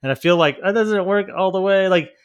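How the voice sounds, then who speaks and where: A man's voice: high voice, brisk, clear, resonant tone, no room sound. A man co-hosting a podcast, chatting loosely with lots of "like" fillers and laughing now and then. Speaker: podcast co-host. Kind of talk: casual chat.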